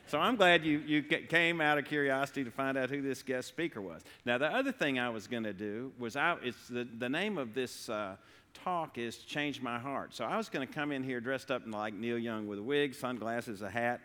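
A man's voice: medium pitch, normal speed, pushed and bright. A middle-aged man, speaking as a guest speaker at church, folksy and self-deprecating. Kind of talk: humorous church talk. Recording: long hall reverb.

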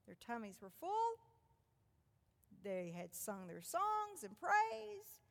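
A high-voiced woman preaching, her pitch leaping up and down as she tells the story. She shifts between loud, forceful stretches and soft, hushed ones. Her voice rings with a long reverb. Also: wildly swooping pitch, slow, creaky. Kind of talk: sermon retelling a scripture story.

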